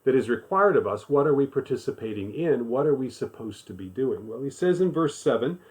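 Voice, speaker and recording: A man leads a Bible study at a steady middle pitch. He talks in a conversational way. He stresses key points by repeating them. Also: a little fast. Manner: conversational, emphatic repetition. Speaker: Bible teacher. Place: living in the American South.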